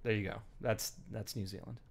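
A man's voice: lowish voice, fairly even intonation, a little fast, vocal fry, slight background noise. A man chatting casually while streaming a video game, thanking viewers and muttering asides. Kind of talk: live game commentary.

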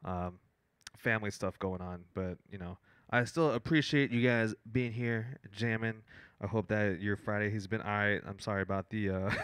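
A man's voice: lowish voice, a bit bright, clean tone, no room sound, studio quality. A young man hosting his DJ live stream, chatting loosely with his viewers, often stammering, swearing and laughing. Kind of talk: casual live-stream chat.

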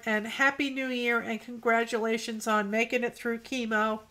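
A woman hosting a casual art livestream, chatting softly and greeting viewers by name as she paints. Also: fairly high pitch, level tone, moderate pace, few pauses.

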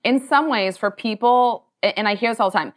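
A woman, a company co-founder and chief executive, answering onstage questions in a lively, chatty way with many "like" and "um" fillers. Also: on the high side. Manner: talkative, quick, full of "like" and "um" fillers. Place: university lecture hall.

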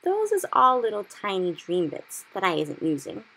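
A woman's voice: mid-range voice, wildly swooping pitch, moderate pace, gravelly, fairly bright tone, breathy edge, exaggerated voice. A woman voicing a big friendly male giant who speaks in mangled grammar and invented words. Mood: gentle.

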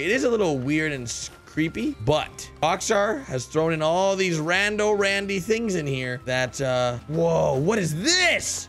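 Excitable young man narrating gameplay. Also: a little high. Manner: excitable, exclamatory, talks to viewers as dudes. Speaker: gaming YouTuber.

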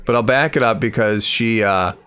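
A man's voice: on the low side, moderate pace, fairly bright tone, clean tone. A man commenting on a video clip, incredulous and critical, rambling and restarting his sentences.

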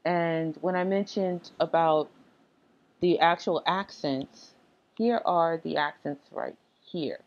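A woman with a lowish voice talks through a software setup screencast in a relaxed, instructive way, pausing often on ums and uhs. The recording sounds dull and lo-fi. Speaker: software tutorial presenter. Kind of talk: screencast tech tutorial.

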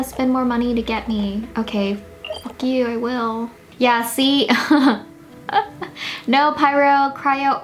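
A young woman giving casual commentary while playing a video game, excitable and swearing, gasping and squealing when her characters are in danger. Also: a little high. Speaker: gaming streamer. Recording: game music playing behind.

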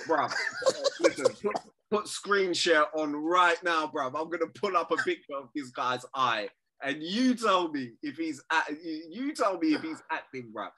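Bright-voiced, animated man. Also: moderate pace, few pauses. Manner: animated, teasing, swears freely, bursts into high laughs. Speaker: podcast co-host. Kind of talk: casual banter.

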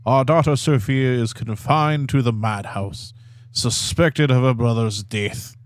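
A man's voice: medium pitch, a little slow, close to an everyday voice. A man voicing a grieving middle-aged male ex-priest reading his own letter, in a put-on Italian accent. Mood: sorrowful. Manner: reading aloud a dramatic letter, stumbling and laughing at times.

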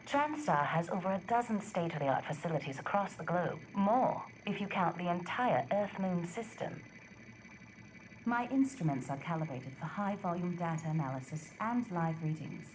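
A woman's voice: on the low side, expressive, normal speed, darkish tone, a little hiss or hum, natural voice, low-quality recording. A woman voicing a polite female science operator robot in a game, speaking with a Southern English accent. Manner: polite, smooth assistant voice.

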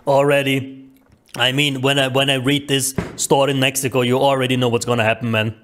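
Excitable, stammering male streamer. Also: medium pitch, fairly quick, faint music behind. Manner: excitable, swearing, stammering restarts. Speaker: streamer reacting to videos. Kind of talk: casual live-stream reaction.

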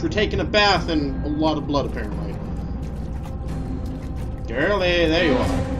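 A man doing let's play commentary who gets frustrated, swears and yells at the game. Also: on the high side, big pitch swings, measured pace, pauses often. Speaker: gameplay commentator. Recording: game music behind the voice.

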